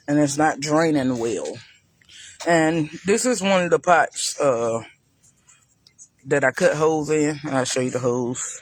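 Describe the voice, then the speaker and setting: Slow husky man touring his garden. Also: on the high side. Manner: slow, loose and chatty, addressing viewers as y'all. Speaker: gardening vlogger. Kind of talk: casual walk-through garden vlog. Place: outdoor garden.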